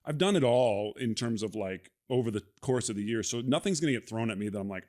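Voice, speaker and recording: A middle-aged actor chatting as a podcast guest, with an ordinary mid-range male voice. He tells stories with animation and breaks into quick character voices for quoted lines. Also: mid-range voice. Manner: animated storyteller, acts out quoted lines with laughs. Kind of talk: casual conversation.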